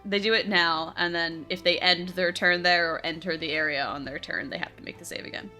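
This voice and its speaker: A woman's voice: on the low side, fairly even intonation, a little fast, bright, forceful tone, soft background music. A woman playing a tabletop game, explaining her character's moves in a chatty way and laughing between explanations. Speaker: player. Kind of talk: casual tabletop play.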